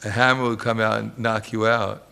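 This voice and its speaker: A man delivering a spiritual lecture in a low, gravelly voice. He illustrates his points with light, humorous stories and chuckles often as he goes. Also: flat delivery, moderate pace, pushed and bright. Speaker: swami giving a lecture. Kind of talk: religious lecture.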